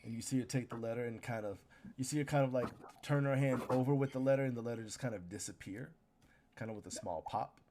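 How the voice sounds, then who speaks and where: A man's voice: medium pitch, fast talker, noisy background. Male game master, casual tabletop narration, easygoing. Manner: casual, filler-heavy storytelling with character voices.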